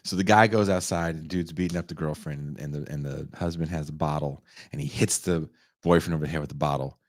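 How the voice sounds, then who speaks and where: A man in his forties, a podcast host, retelling a movie in casual chat with animated, profane storytelling. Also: a bass voice, fairly quick. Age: 40s. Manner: animated, profane storytelling that acts out quoted lines.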